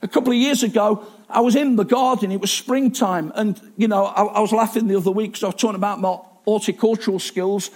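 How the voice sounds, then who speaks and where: A man's voice: sits high, fairly even intonation, fast, hardly any pauses, a little mellow. A man preaching a sermon in a chatty, self-deprecating way, with asides and restarts.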